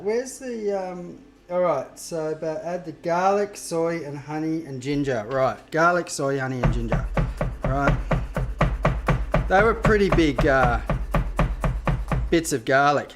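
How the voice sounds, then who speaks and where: Chatty Australian man, slightly high voice. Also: slow pace, music in the background. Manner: chatty and rambling, swears casually, greets viewers. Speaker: cooking show host. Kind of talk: casual live-stream cooking chat. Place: home kitchen.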